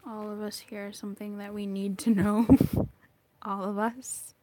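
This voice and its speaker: A woman's voice: mid-range voice, level tone, unhurried, noisy background. A woman giving a chatty live tarot reading, bubbly and talkative, sometimes dropping into whispered asides. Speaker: tarot reader.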